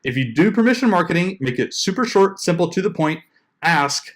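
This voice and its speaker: Man, blogging coach, slightly high voice, loose chatty delivery, acts out example emails. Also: very animated, a little fast. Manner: loose and conversational, full of likes and uhs, mimics the emails he quotes. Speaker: blogging coach and podcast host. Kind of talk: casual tutorial talk.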